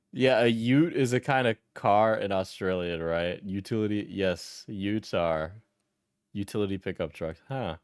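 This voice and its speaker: A man's voice: lowish voice, slow pace, clear, resonant tone, no room sound, clean studio sound. A young man streaming a reaction video, laughing often, swearing and repeating himself as he gives blunt opinions. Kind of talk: casual reaction commentary.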